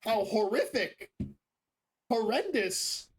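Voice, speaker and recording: A man voicing a pompous posh gentleman who is theatrically horrified. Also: high voice, big pitch swings, slow pace, pitched above the performer's own voice, exaggerated voice. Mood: mock horror. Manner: theatrical, mock-horrified exclamations.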